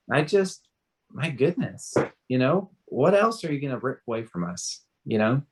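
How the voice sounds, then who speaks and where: A man's voice: mid-range voice, sing-song, moderate pace, slightly rough. Young man, passionate, emphatic, casual panel chat. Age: 20s. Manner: passionate, emphatic, repetitive restarts. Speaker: panel co-host.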